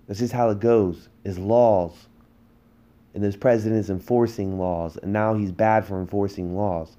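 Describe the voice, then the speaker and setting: A man with a low, dark-toned voice hosts a political podcast. He rants in a heated, emphatic way and leans on rhetorical questions to drive his points home. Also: steady tone, normal speed. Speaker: podcast host.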